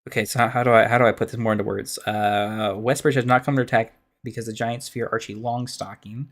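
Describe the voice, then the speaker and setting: A man at a middle pitch, musing aloud as he works out plans for a tabletop game on a live stream. His speech is halting and full of restarts, and it often drifts off into quiet mumbling. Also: level tone. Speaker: dungeon master streamer. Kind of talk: thinking aloud while planning a game.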